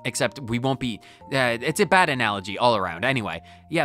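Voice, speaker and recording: A man giving casual gameplay commentary, rambling and talking to himself, going off on tangents with sudden jumps in loudness. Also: medium pitch, expressive, a little fast, soft background music. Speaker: gaming video host. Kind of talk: casual let's-play commentary.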